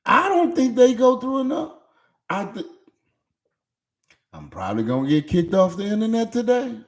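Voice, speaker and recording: Animated pastor preaching. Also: male voice, high voice, normal speed. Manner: emphatic and animated, asks the congregation questions. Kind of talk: energetic sermon with call-and-response. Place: church sanctuary.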